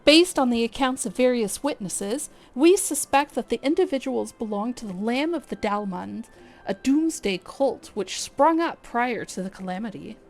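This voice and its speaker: A woman reading the lines of a stern male leader of a forest archer guard from a game, in a formal, measured way. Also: fairly high pitch, lively intonation, darkish tone. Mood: grave. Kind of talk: reading game dialogue aloud.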